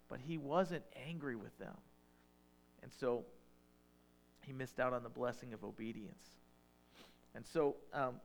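A man as a pastor, preaching a sermon and reading scripture, conversational and building to emphatic questions. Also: medium pitch.

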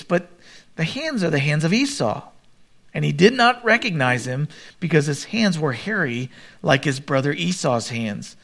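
A man preaching a sermon, reading scripture aloud and commenting, with a quieter, lower voice for the quoted speakers. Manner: expressive Bible reading with commentary, drops voice for quoted lines. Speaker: pastor.

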